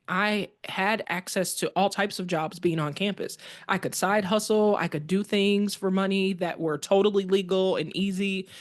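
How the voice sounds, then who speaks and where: A woman guest on a podcast, recounting a personal story in a lively way and acting out the dialogue she remembers. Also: medium pitch.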